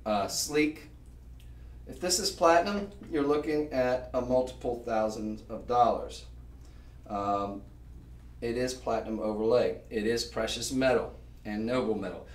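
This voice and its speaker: A man hosting a live shopping show, chatting on and piling up descriptive words as he pitches. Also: a little slow, far from the mic. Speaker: shopping channel host. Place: shopping channel studio. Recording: roomy sound, voice off-mic.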